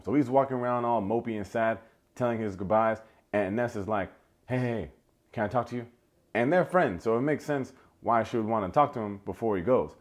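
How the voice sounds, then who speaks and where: A man whose voice is fairly low and a little mellow hosts a comedic recap video about a reality dating show. He mocks it playfully and sarcastically, imitating the people he quotes.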